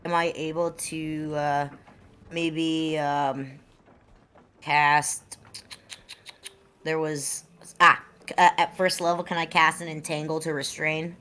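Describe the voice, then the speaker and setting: A woman's voice: deep voice, little pitch movement, slow, long pauses, bright, forceful tone, smooth. A woman playing a tabletop game with a dry, wry manner who stammers when unsure. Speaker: player. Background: faint background music.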